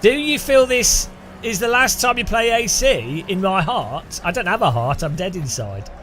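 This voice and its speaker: A man chats loosely while streaming a game, trailing off and restarting his thoughts as he talks. His voice is bright and sits fairly high, and it swings around a lot in pitch. Quiet background music plays under him. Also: sing-song, moderate pace, a little hiss or hum. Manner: rambling, chatty, laughs often, hums and imitates sounds. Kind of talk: casual live-stream chat. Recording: faint music behind.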